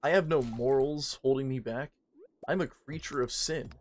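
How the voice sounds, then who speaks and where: A man's voice: medium pitch, moderate pace. A man chatting casually on a livestream, swearing a lot and rambling in a joking way. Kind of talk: casual stream chat.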